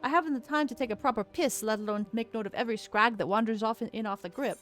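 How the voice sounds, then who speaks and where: A woman voicing a gruff, impatient male dock foreman who talks in salty, blunt sailor phrasing. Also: a little high, fast, a bit bright, soft background music, natural voice. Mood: brusque.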